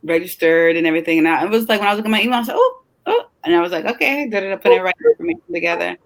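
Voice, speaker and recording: A woman co-hosting a web talk show, chatting in an upbeat, excitable way with lots of fillers, and a bit tired. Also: on the low side, very fast, vocal fry, poor audio. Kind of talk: casual chat.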